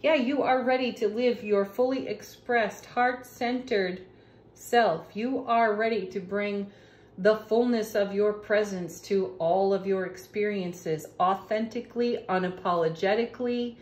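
A woman reading tarot cards in a casual, gushing way, laughing often. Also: mid-range voice. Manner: slow, warm-hearted, laughs often, gushing about the cards. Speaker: tarot reader. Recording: echoey room.

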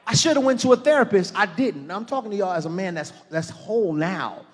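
A man's voice: sits high, animated, fast talker, husky. Impassioned preacher man, hall echo. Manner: impassioned preaching that swings from hushed to shouting; calls on the congregation directly. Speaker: pastor. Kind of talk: sermon. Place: church. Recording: long reverb of a large church hall.

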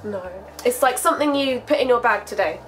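A woman's voice: on the high side, brisk, a bit bright. A young English woman hosting a casual vlog chat, explaining things with frequent giggles over background music. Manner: giggly, laughs often while explaining. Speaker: vlog host.

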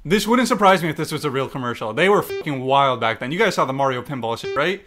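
A young man reacting to memes in casual commentary, excitable and mock-exasperated, swearing and laughing often. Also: medium pitch, fast talker. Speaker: YouTube meme reactor. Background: faint background music.

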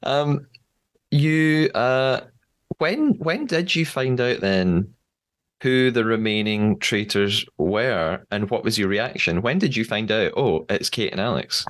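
A man hosting a podcast, interviewing a guest in a friendly, attentive way with soft filler words. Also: fairly low pitch, lively intonation, slow. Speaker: podcast host.

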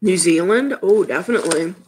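A vlogger with a Southern US accent reads her live chat at home, talking casually and laughing often. Her voice is fairly low and a little fast, and the poor audio has slight background noise in the room.

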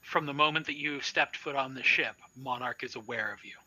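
A trapped Minotaur, voiced by a man running the game, speaks calmly and ominously in slow, weighty statements. The tone is sharp and tense, bright at the edges. It is a tabletop horror game, and the voice sounds like a patient warning. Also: medium pitch, no echo, poor audio. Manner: measured, solemn pronouncements. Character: captive male Minotaur-like creature, calm and ominous. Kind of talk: tabletop role-play voicing.

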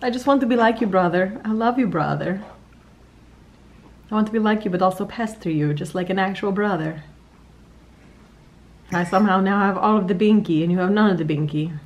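A woman's voice: mid-range voice, a little fast, pauses often, lightly acted, rough recording. A woman voicing her young male puppy, sweet and pleading as he pesters his big brother.

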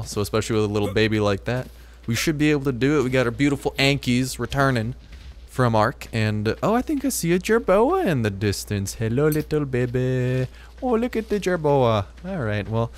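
A gaming video host talks excitedly over his own play in a voice of middling pitch for a man. He is chatty and loose, often starting a phrase twice before finishing it. The sound is a plain desktop microphone at home. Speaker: gaming YouTuber. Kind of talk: excited let's-play commentary.

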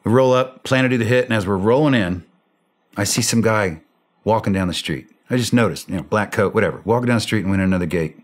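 A deep-voiced man spins a casual war story as a podcast guest. He is animated and laughs easily, slipping into the voices of the people in his story. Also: fast. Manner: animated, laughing, acts out quoted dialogue. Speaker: former special forces operator, podcast guest.

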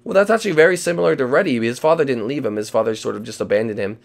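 A man hosting a playful game role-play, stumbling and repeating himself as he reacts. His voice is mid-pitched with a gravelly edge. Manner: halting, repeats words while playing along.

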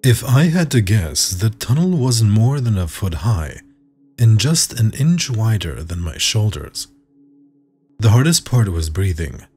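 Man, horror story narration, husky, lively pitch, low voice.

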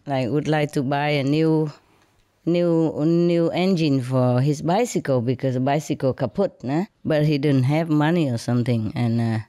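A woman telling a casual story to listeners in broken English, animated and often laughing as she speaks. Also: low voice, normal speed, no echo, clean studio sound. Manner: non-native English with broken grammar. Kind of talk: casual anecdote told to listeners.

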